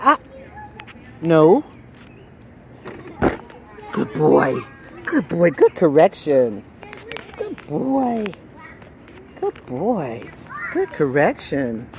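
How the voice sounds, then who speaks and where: A woman's voice: sits low, warm tone. Woman praising her dog in soothing tones. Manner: soothing, praising, firm short commands to a dog. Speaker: dog trainer vlogging a training session. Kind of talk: casual vlog narration and talk to a dog. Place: outdoors by a public pool.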